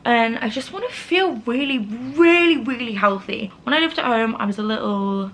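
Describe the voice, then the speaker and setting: A woman's voice: on the high side, expressive, normal speed, reverberant, recorded from a distance, poor audio. A woman in her early twenties chatting casually in a vlog, rambling with lots of asides and fillers. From England. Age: early 20s. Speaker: vlogger.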